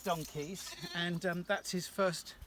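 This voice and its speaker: A man in his thirties talks casually and teasingly as he walks visitors around farm fields. His voice sits slightly high and sounds some distance from the camera. Outdoor field noise is clearly present behind him. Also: fairly even intonation, slow pace. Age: 30s. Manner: jokey and chatty, teasing asides. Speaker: farmer giving a tour. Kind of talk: casual guided tour.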